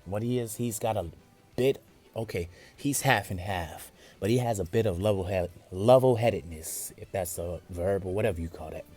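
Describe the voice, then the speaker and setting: A man's voice: deep voice, moderate pace, a little mellow, slightly rough, soft background music. A man casually narrating an improvised fan story, rambling and often correcting himself as he goes.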